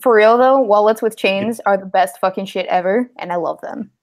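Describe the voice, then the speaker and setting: A woman's voice: mid-range voice, normal speed. A woman hosting a live stream, brash and swearing casually as she chats.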